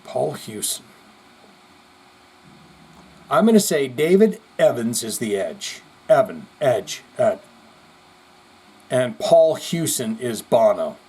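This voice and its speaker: A male podcast host reading viewer comments in casual, rambling commentary, animated and profane, jumping between loud outbursts and mutters. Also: medium pitch, takes it slowly, pauses often, slightly rough. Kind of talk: casual live-chat commentary.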